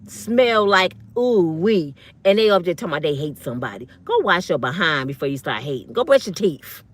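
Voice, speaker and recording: A woman in her fifties, an online commentator, delivers a ranting monologue in a lowish, very animated, brisk voice. The rant is blunt, fiery, profane and packed with slang.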